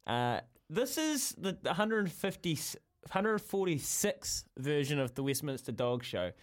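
A man's voice: fairly high pitch, sing-song, a little slow. A man with a New Zealand accent hosting breakfast radio and making wry jokes in casual chat. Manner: chatty, jokey, playfully sarcastic. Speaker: radio host.

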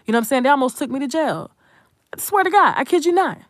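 A woman's voice: high-pitched, animated, fast talker, no echo, clean studio sound. A young adult woman content creator giving a blunt, profane, emphatic commentary rant.

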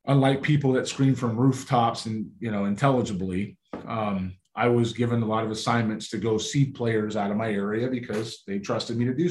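A man's voice: medium pitch, a little hiss or hum. A man, a former baseball scout, telling stories in casual chat and acting out the voices of people he talked to. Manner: animated storyteller acting out phone calls. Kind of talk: casual storytelling.

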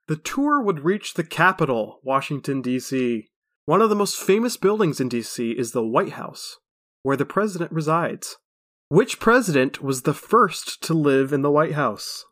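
A man's voice: a little high, fairly bright tone. A man hosting a casual trivia podcast, reading questions and explaining the answers in chronological asides. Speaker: quiz host.

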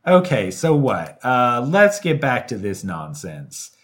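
A man's voice: medium pitch, very animated, takes it slowly. A man co-hosting a casual podcast chat with dry, sarcastic humor. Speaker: podcast co-host.

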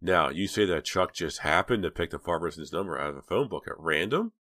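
Male reader doing doubtful cop in an audiobook, loud, dry close sound. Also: sits low, fairly quick, no echo, exaggerated voice. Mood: disbelieving. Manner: flat, disbelieving. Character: disbelieving male police detective.

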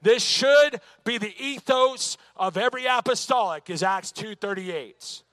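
A man's voice: high-pitched, unhurried, sharp tone, dry recording. A man teaching a church Bible lesson, emphatic and dotted with "amen" and rhetorical questions.

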